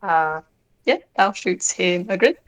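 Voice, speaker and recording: A woman's voice: lowish voice, lively intonation, takes it slowly, poor audio. A woman playing a tabletop role-playing game, narrating her character in a chatty, fond way. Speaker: tabletop player.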